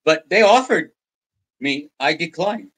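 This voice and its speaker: This older American podcast guest has a fairly high, a bit bright voice, animated but unhurried, heard on a low-quality recording. In casual interview storytelling, he wanders through anecdotes with many restarts, quoting people in put-on voices.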